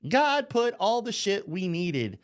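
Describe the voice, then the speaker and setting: A man's voice: high-pitched, very animated, slow pace. A middle-aged American man ranting heatedly, mocking and swearing constantly. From United States. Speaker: vlogger. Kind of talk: profane political rant.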